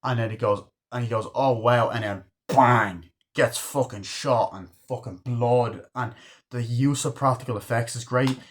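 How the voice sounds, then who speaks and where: A man giving a casual, excitable movie review, swearing a lot and acting out scenes he loves. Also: medium pitch, normal speed. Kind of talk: casual film review monologue.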